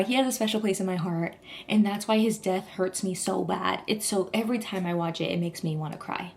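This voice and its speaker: A woman's voice: medium pitch, vocal fry, darkish tone, a little hiss or hum. Gushing young woman rambling casually. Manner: gushing, rambling, heavy use of "like". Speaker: vlogger. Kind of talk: casual chat.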